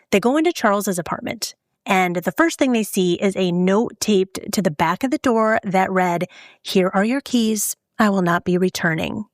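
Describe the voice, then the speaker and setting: A woman hosts a true crime podcast, telling the case in a loose, chatty storytelling manner. She slips into the voices of the people she quotes. Her voice sits at a middle pitch, recorded close and dry. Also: no room sound. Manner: conversational, animated when quoting people.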